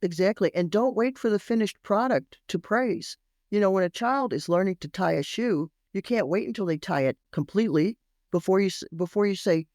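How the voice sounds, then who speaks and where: This clean studio recording, free of echo, has a medium-pitched woman talking fairly quickly. She's in her sixties, a parenting expert on an interview, telling stories with lively energy and performing the voices of the people she quotes. Now and then she becomes tearful as the chat unfolds.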